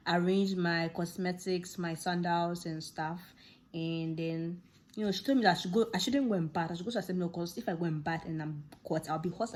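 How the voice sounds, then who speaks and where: A young woman with a Ghanaian English accent, telling a casual personal story and acting out the dialogue with laughs. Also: mid-range voice. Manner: animated, laughing, acts out dialogue. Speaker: vlogger.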